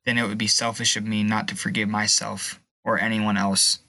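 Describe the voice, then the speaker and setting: A young man sharing a personal testimony in an interview, emotional and halting, at times tearful. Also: fairly low pitch, level tone, pushed and bright, no room sound. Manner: emotional, halting, pauses and restarts. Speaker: guest.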